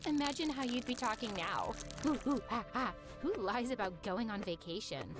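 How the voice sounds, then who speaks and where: A woman's voice: on the high side, animated, moderate pace, over music, close to an everyday voice. Woman doing a sarcastic male teacher. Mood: mocking. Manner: sarcastic, teasing. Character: mocking male schoolteacher.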